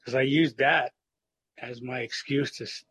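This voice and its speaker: A man in recovery telling his personal story in a halting, reflective way, with many fillers and restarts. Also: medium pitch, fairly even intonation, a bit bright, breathy edge, rough recording. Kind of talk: personal testimony.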